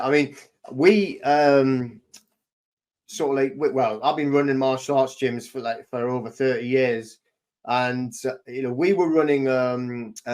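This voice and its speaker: Male host, middle-aged, average pitch; casual, searching for words as he talks. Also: darkish tone. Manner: hesitant, many fillers. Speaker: podcast host. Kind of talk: casual chat.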